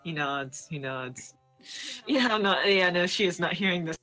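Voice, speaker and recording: A woman's voice: lowish voice, expressive, moderate pace, sharp tone, faint music behind. A woman in a tabletop role-play session, teasing and playful.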